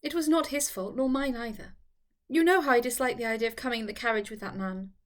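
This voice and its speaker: A distressed young widow, as a woman reader puts her on, speaks in a high, raised, breathless voice. She sounds upset and indignant, as in an audiobook of a classic novel. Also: fast talker, natural voice. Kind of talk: audiobook reading.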